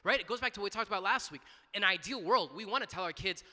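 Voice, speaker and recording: Bright-voiced man preaching in an echoing church. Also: sits high, animated, quick pace, few pauses. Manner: conversational, frequent restarts and repeated words, asks "right?". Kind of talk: sermon.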